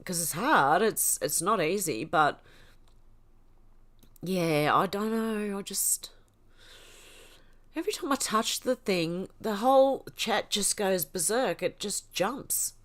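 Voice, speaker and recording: A woman's voice: medium pitch, animated, takes it slowly, long pauses. A woman hosting a casual livestream, reading chat comments aloud and laughing often. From Australia.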